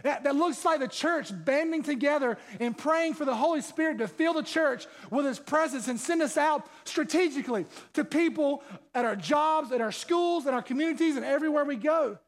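A man's voice: extremely high pitch, moderate pace, hardly any pauses. A male pastor preaching a sermon, fired up, firing off rhetorical questions and repeating himself. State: sweating.

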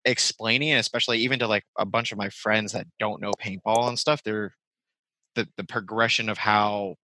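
A man's voice: fairly low pitch, steady tone, normal speed, sharp tone, rough recording. A man from New Jersey chatting casually as a guest, hesitant and full of fillers. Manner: hesitant, stacks filler words. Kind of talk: casual chat.

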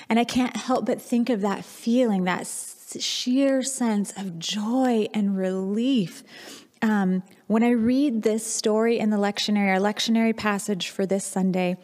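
A woman's voice: mid-range voice, a little mellow. A woman in her thirties, a pastor, preaching a sermon and telling a personal story in a candid, reflective way. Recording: long hall reverb.

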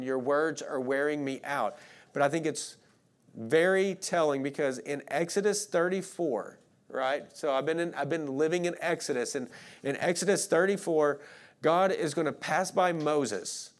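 A male pastor from Arkansas preaches a conversational sermon in a relaxed, casual drawl. He is blunt and sprinkles "like" throughout his sentences, and his voice sits a little higher than most men's.

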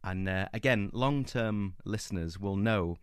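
Man, podcast co-host, low pitch, eager rambling chat, dry sound. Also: measured pace, clear, resonant tone, no room sound. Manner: enthusiastic, rambling with many fillers and restarts. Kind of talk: casual book-club chat.

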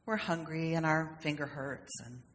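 A woman's voice: low voice, fairly even intonation, moderate pace. A woman minister giving a conversational, humorous sermon, with playful acted asides. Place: church sanctuary. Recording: long reverb of a sanctuary.

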